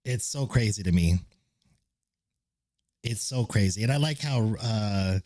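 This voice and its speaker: Guy on a live stream hyping up a song, lowish warm voice, swears a lot, trips over his words. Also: dry recording. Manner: enthusiastic, profane, rambling with restarts. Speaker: streamer reacting to music. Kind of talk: casual live-stream commentary.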